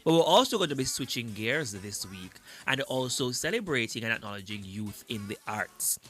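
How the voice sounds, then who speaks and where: A young man hosting a youth radio show, energetic and upbeat, greeting listeners. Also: mid-range voice, moderate pace, slightly rough. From Jamaica. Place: radio studio.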